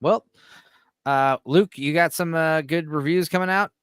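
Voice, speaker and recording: Relaxed male host, clean resonant tone, fairly high pitch, dry close mic. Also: measured pace, smooth, no room sound. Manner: laid-back, swears freely. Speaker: podcast host. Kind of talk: casual late-night chat.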